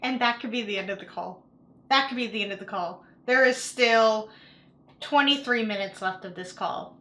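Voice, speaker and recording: A woman's voice: fairly high pitch, moderate pace, sharp tone. A young woman giving casual reaction commentary as a YouTuber, chatty and full of "like" fillers. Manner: chatty, filler-heavy with frequent "like", repeats herself.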